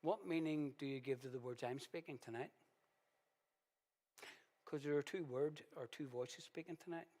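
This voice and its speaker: A male pastor preaching a sermon in a conversational way, with sudden loud, emphatic bursts. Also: a little high, normal speed, pauses often. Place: church hall. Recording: reverberant church hall.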